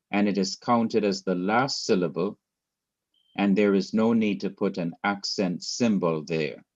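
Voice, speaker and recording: A man teaching a Hebrew class in a patient, repetitive lecture style, spelling out letters one by one. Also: on the low side. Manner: patient, repeats key points, spells out letters. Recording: dull lo-fi recording.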